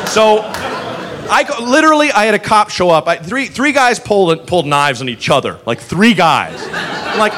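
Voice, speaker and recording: A man doing stand-up comedy, telling a long story and acting out the people in it with loud, profane energy. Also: high voice, normal speed, a crowd in the background. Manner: animated, profane, acts out characters mid-story. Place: comedy club stage with live audience.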